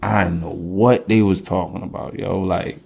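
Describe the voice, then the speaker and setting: A man's voice: sits low, fairly even intonation, moderate pace, vocal fry, darkish tone, breathy edge, soft background music. A young adult man co-hosting a podcast in casual chat, slangy and joking, teasing playfully. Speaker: podcast co-host.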